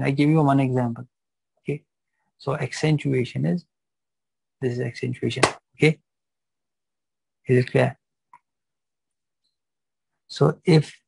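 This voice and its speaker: Gravelly, flat-voiced male physiology teacher. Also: medium pitch, dry recording, low-quality recording. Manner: repeats phrases, checks understanding with questions. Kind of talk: live classroom lecture. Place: classroom.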